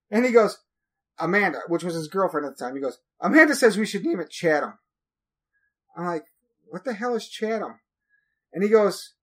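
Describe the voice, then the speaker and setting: A man's voice: high-pitched, a bit bright. A man hosts a podcast in a loose, chatty style. He rambles through his stories, leaning on plenty of ums and uhs as he goes. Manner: rambling, chatty storytelling with frequent fillers. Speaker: podcast host. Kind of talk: casual podcast chat.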